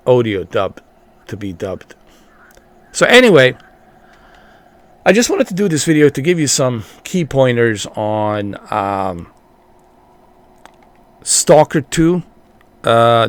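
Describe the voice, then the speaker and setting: A man giving casual, rambling gameplay commentary as a channel host, repeating himself and filling pauses with ums and uhs. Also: medium pitch.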